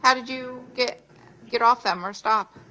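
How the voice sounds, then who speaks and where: Bright-voiced woman attorney questioning politely. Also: fairly high pitch, measured pace, a little hiss or hum, poor audio. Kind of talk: jury selection questioning. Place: courtroom.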